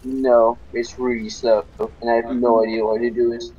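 A man's voice: medium pitch, flat delivery, normal speed, dull audio, a crowd in the background. A Dutch man with a slightly British-sounding accent, casually explaining game tactics while he plays. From Netherlands. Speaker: host playing and commenting.

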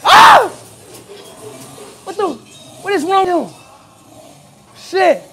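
A man's voice: extremely high pitch, sing-song, slow pace, some chatter behind. A young man streaming a haunted house walk, panicky, swearing and yelping in fright.

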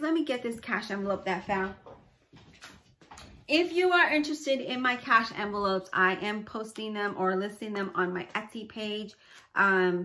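Bright-voiced chatty crafting woman. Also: mid-range voice. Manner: chatty, rambling, enthusiastic, many fillers. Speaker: crafter showing her handmade items. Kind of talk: casual chat.

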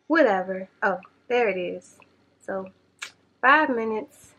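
Slow-talking, flustered young woman vlogger. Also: medium pitch, lively intonation, a bit bright, husky, highs cut off. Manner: flustered, rushing, talking to viewers. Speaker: beauty vlogger. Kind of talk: casual makeup challenge vlog.

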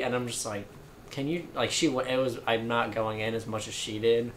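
A young man, a podcast guest, telling a story in a loose, relaxed way with lots of fillers. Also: medium pitch, fairly quick, slight background noise. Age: young adult. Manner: laid-back storytelling, filler-heavy. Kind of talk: casual chat.

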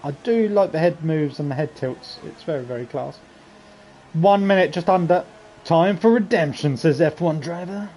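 A man's voice: fairly high pitch, normal speed, rough recording. A man streaming a racing game live, chatting to viewers and crying out when he crashes. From England. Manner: excitable, chatty, cries out at crashes. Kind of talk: live gameplay commentary. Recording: game engine noise behind voice.

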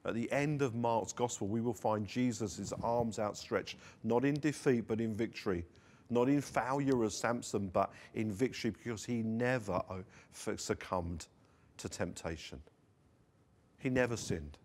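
A man's voice: lowish voice, a little slow, darkish tone. A man preaching a sermon at a church service, earnest, with rising emphasis on key lines. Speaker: pastor. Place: church service streamed online.

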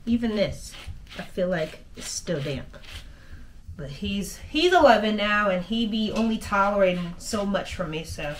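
Chatty woman vlogger with a lively voice. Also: mid-range voice, measured pace, a little hiss or hum. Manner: chatty, talks to her dog and viewers, says "y'all". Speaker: vlogger grooming her dog. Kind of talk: casual chat to camera. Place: inside a converted bus.

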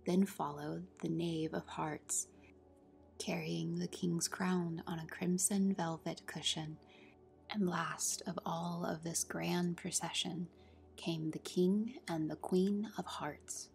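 Woman narrating a fairy tale, lowish, a little gravelly, quiet music behind. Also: steady tone, takes it slowly. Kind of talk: storybook reading. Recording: soft music under the reading.

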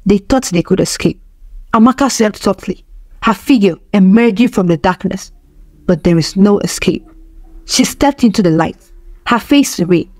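Woman reading a spooky story, kinda high voice, dry close sound. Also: a little mellow, no echo. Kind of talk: scripted narration.

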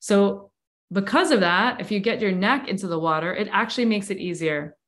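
A woman's voice: medium pitch, fairly quick, fairly bright tone. A woman who coaches breathwork and cold exposure, explaining enthusiastically in a casual interview with long flowing sentences.

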